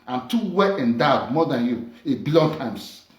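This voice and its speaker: A Nigerian woman vlogger rants in Nigerian Pidgin English, combative and mocking, repeating her taunts again and again. Her voice is extremely low and very animated, a little slow, in an echoey room.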